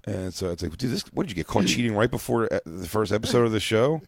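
A man's voice: fairly low pitch, lively intonation, fast talker, vocal fry, no echo, studio quality. A man co-hosting a casual radio talk show, riffing crudely and laughing often. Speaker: co-host.

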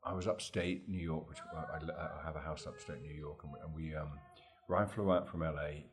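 A male actor guest telling animated stories in a relaxed interview, laughing often and acting out dialogue. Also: very deep voice, a little fast, soft background music. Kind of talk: anecdotal interview storytelling.

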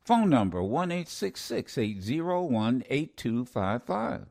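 A man's voice: medium pitch, a little slow, vocal fry. A man hosting a call-in radio talk show who challenges and scolds callers, his voice rising as he gets worked up. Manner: lively, interrupts and scolds callers, voice rising when angry.

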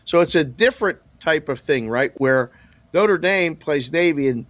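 A man speaking as a sportsbook guest analyst on a sports talk show, casual and halting. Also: fairly high pitch, animated, fairly bright tone, dry recording. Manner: casual, halting, with restarts and fillers.

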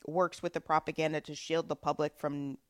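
A woman hosts an interview and works her way through casual questions, filling gaps as she goes. Her voice sits very low for a woman. The sound is dry and close, with no room echo. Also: little pitch movement, a little fast. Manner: searching, casual, uses many fillers. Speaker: podcast host.

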